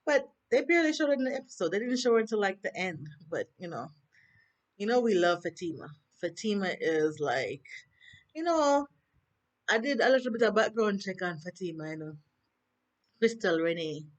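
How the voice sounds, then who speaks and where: Lively Jamaican woman reviewing TV. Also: mid-range voice, normal speed. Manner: animated, rhetorical questions, swooping emphasis. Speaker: TV review vlogger. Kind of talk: casual chat. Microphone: handheld phone.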